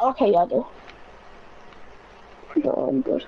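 High, wildly animated woman gamer shouting. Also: normal speed, a little hiss or hum, low-quality recording. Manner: loud excitable shouting and taunting while playing. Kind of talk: excited live gaming chatter.

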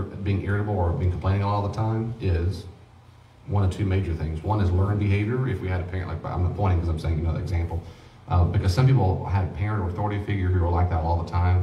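Deep-voiced fast-talking man teaching a class. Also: warm tone, muffled recording, a little hiss or hum. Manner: folksy, joking, acts out short quoted exchanges. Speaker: pastor teaching a grief class. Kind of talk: informal church teaching. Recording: roomy hall, voice from a distance.

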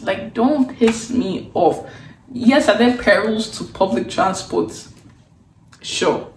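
A woman's voice: fairly high pitch, slow, slight background noise. A young woman recapping a webtoon in a casual, chatty way, sarcastic and exasperated, saying "like" a lot. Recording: roomy sound from a distance.

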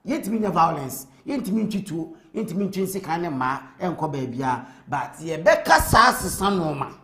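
A man's voice: on the high side, big pitch swings, moderate pace, a bit bright, roomy sound. A Ghanaian man hosting a live show, speaking earnestly and urging listeners to speak up for change. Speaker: host. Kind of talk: talk-show monologue.

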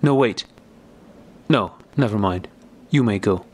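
A man's voice: on the low side, slow, a little mellow, slightly rough. A man voicing a gaunt, sickly man who is angry, suspicious and abrupt, in an audiobook. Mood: agitated.

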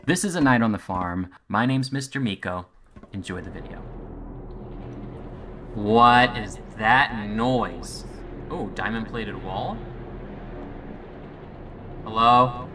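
A man's voice: on the low side, noisy background. A man doing let's play commentary on a horror game, joking and talking to the game, easily spooked. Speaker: game streamer.

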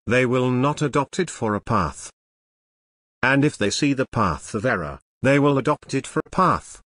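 A man reading a scripture translation aloud in a solemn, measured way, pausing after each short clause. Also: medium pitch, fairly bright tone, dry recording, clean studio sound. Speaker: scripture reader.

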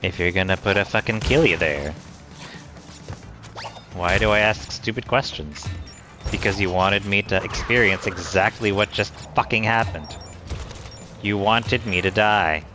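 Low-voiced frustrated gamer man swearing. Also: a little slow, pauses often. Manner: frustrated, swearing, talking to the game. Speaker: let's play gamer. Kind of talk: casual gameplay commentary. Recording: game music playing behind.

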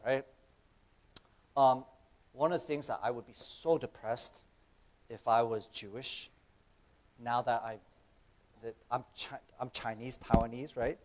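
A young man giving a casual, conversational church sermon, acting out imagined dialogue and often asking "right?". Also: medium pitch. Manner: animated, acts out imagined dialogue, frequent "right?". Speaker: preacher. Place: church sanctuary.

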